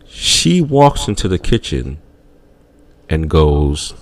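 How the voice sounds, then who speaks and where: A man co-hosting a podcast, telling a comedic story in casual chat and acting out other people's voices. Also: moderate pace. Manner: animated, acts out voices in shrieking high tones. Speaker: podcast co-host.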